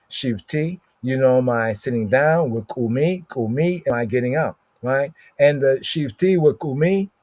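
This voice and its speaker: Guy going through scripture real slow, says every word like five times, dull lo-fi dry sound. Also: medium pitch, darkish tone, dry recording. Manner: repeats words over and over, asks "right?" constantly. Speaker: Bible study teacher. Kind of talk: livestreamed scripture study. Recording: dull lo-fi stream audio.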